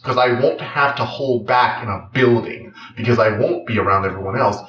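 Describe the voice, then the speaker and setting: A weary young superhero with immense power, speaking low and quietly menacing, as a male reviewer acts it out. The voice is close to his everyday one, a little lower and softer. The room sounds roomy and somewhat dull. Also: distant mic.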